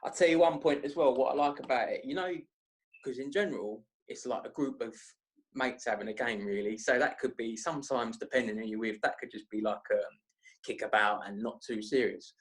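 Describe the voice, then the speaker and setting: A young podcast guest spins long, meandering stories in a loose, slang-heavy style during a casual storytelling chat. His voice rests at a medium, everyday pitch, and he talks briskly with lively, animated energy.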